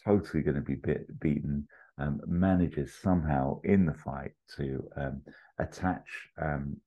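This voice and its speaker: A man co-hosting a podcast, casually pitching a movie plot in a rambling way with many fillers. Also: measured pace, mellow, dull audio. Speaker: podcast co-host.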